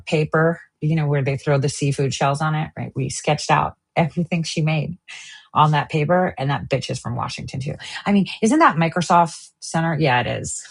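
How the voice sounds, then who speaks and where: Husky low-voiced woman ranting heatedly. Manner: heated, swearing, jumps between topics. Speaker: online show host. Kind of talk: angry political rant.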